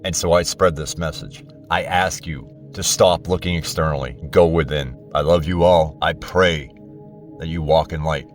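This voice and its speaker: A man's voice: very deep voice, steady tone, moderate pace, faint music behind. A man hosting his own channel, delivering an impassioned, blunt spiritual monologue straight to his viewers. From United States. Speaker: channel host.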